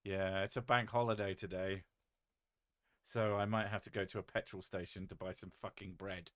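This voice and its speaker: A British man chatting casually on a live stream, reading chat aloud with a joking, deadpan manner and casual swearing. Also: low-pitched, normal speed, dry recording.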